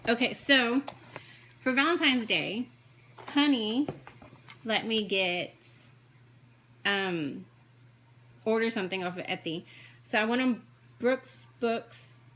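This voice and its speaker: A fast-talking woman, gushing over each craft project she shows. Her chat runs quickly and jumps from one thing to the next, in a mid-range voice over a faint hum of room noise. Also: medium pitch. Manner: fast, chatty, jumps between topics; excitable, gushing. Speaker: cross-stitch vlogger.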